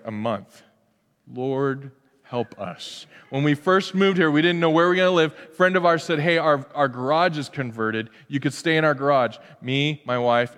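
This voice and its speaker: A man in his thirties preaching a sermon in an animated way, acting out quoted prayers and cries. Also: mid-range voice. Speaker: pastor. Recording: long reverb of a large hall.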